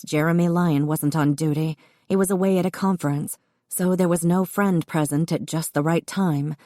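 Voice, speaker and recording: A woman narrating an audiobook in a steady, expressive reading. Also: sits low, no room sound, studio quality. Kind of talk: scripted narration.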